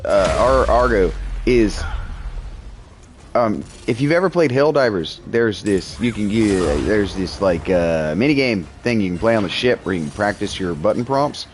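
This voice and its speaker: A man in his thirties, chatty and excitable, talking to a game character in-character as he plays and sometimes yelling in bursts. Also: fairly low pitch, moderate pace, slight background noise. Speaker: gaming streamer roleplaying his character. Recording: music playing behind.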